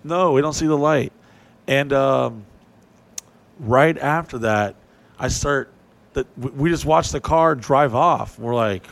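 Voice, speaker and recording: A man casually telling a story, animated and profane, acting out what people said in a raised voice. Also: medium pitch, takes it slowly, gravelly, pauses often, no echo.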